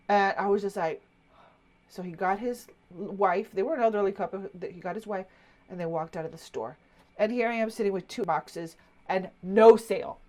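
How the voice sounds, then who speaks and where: A woman in her fifties, a marketing coach, telling a personal story in a chatty, animated way with many asides. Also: medium pitch, moderate pace. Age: 50s.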